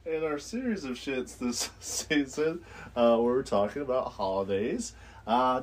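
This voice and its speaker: A man co-hosts a casual podcast, joking around and stumbling over fillers as he talks. His voice is husky and his pitch moves in a lively way. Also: a little slow. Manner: joking, hesitant with many uh fillers. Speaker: podcast co-host.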